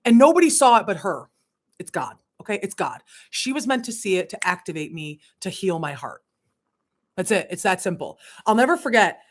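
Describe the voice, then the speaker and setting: A woman spiritual coach telling a personal story on a casual livestream, animated, cursing and laughing as she talks. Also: medium pitch, moderate pace.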